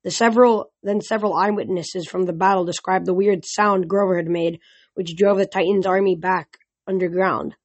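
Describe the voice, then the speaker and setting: An audiobook reader narrating a first-person fantasy novel in a steady, even voice. The recording is close and dry, with no room sound. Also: medium pitch, moderate pace, no room sound. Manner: steady reading with occasional restarts.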